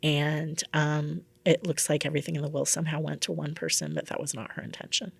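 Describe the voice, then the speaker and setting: A woman's voice: low voice, fairly quick, creaky, husky. A middle-aged woman from Hawaii, a psychic and spiritual teacher, telling stories in a casual interview and acting out quoted voices. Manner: animated storyteller, acts out quoted voices, laughs often.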